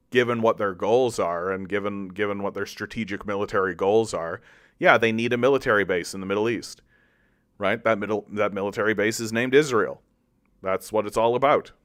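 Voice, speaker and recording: A man's voice: normal speed, fairly bright tone. A man hosting a political commentary show, ranting angrily and sarcastically, swearing and restarting his sentences often. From Canada. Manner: angry, profane, with many restarts and repetitions; sarcastic, mocks opponents in exaggerated high voices. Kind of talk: heated political commentary monologue.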